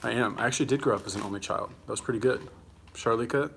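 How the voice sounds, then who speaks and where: A man's voice: medium pitch, racing, gravelly, fairly bright tone, a little hiss or hum. A young man hosting a casual livestream, answering viewer comments bluntly and combatively, swearing freely and talking while he eats. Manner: talks while eating.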